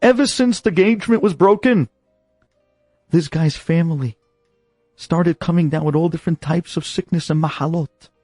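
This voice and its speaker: A man's voice: on the high side, normal speed, darkish tone, dry recording, soft background music, lightly acted. A man voicing an elderly, revered rabbi who speaks earnestly and pleads.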